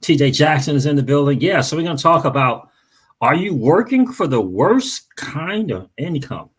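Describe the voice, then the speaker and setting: Husky-voiced man hosting a casual livestream. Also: a little high, very animated, moderate pace. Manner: greets viewers by name, repeats phrases. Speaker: crypto channel host.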